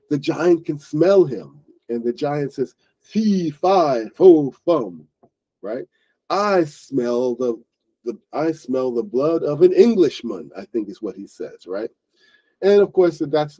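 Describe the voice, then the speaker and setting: Dark-voiced man explaining a story. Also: mid-range voice, low-quality recording. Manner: rambling explanations with many restarts and fillers. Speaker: English teacher and book club host. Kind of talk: casual explaining lesson.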